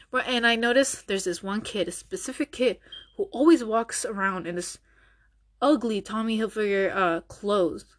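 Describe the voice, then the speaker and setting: A young woman hosting her own podcast, ranting in a blunt, profane and sarcastic way. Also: medium pitch. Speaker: podcast host. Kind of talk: casual ranting monologue.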